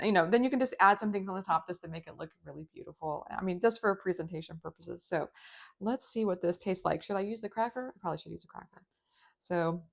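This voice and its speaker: A woman's voice: on the low side, gravelly. A woman hosting a live cooking demonstration from her home kitchen, chatty and enthusiastic as she talks straight to her viewers. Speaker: cooking show host.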